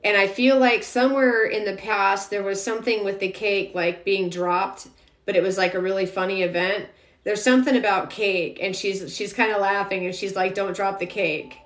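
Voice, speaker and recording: A woman's voice: medium pitch, steady tone, moderate pace. A young adult woman giving a psychic reading on a live stream, rambling with lots of filler words. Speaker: psychic medium. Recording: roomy echo, faint music behind.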